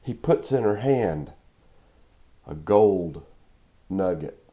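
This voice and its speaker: A man's voice: low voice, expressive, slow, mellow, highs cut off. A man giving a devotional talk, telling a parable with emphatic repeats and laughs. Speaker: Christian video preacher.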